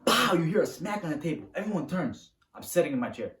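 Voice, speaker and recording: Animated man telling a story in a roomy room. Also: fairly high pitch, quick pace. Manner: animated, acts out moves while telling. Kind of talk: casual storytelling to camera. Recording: roomy, from a distance to the mic.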